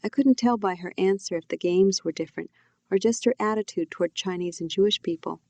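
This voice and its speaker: A woman, the author, reading her own novel aloud in a quiet, reflective first-person telling. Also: medium pitch, brisk, vocal fry, no echo. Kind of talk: audiobook narration.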